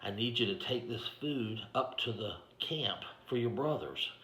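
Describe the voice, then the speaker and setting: A man's voice: mid-range voice, lively intonation, measured pace, bright, forceful tone, slight background noise. A man voicing a father firmly giving his son instructions, in an echoey room. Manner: firm, instructing.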